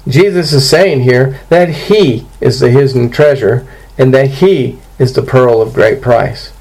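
Gravelly-voiced man preaching a sermon. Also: medium pitch, a little slow, darkish tone, low-quality recording. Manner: earnest expository preaching, quoting scripture. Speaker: pastor.

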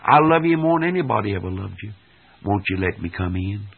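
A man's voice: lowish voice, animated, fairly quick, gravelly, husky, heavily acted. A man preacher voicing Jesus, who pleads tenderly to be let into the listener's heart. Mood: imploring. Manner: tender, imploring, then urgent. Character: wounded, loving Jesus knocking at the heart. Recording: tinny old archive recording.

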